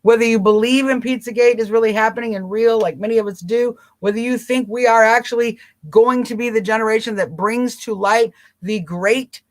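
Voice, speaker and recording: A woman's voice: a little high, fairly even intonation. Woman urging viewers emphatically. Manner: emphatic, repetitive exhortation straight to viewers; mimics people with quick acted asides. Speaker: live-stream show host. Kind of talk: live political talk stream.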